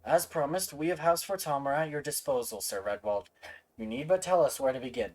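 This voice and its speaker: A man's voice: fairly high pitch, fairly quick, pitched above the performer's own voice, natural voice. A man voicing a courteous young male noble, reading game lines politely and formally. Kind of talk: reading game dialogue aloud with voices.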